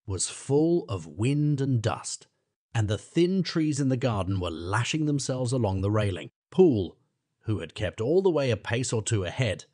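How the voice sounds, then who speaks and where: A man reading a classic novella aloud with an expressive, dramatic delivery. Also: fairly low pitch, dry recording, clean studio sound. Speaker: audiobook narrator. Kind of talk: scripted narration of a classic novella.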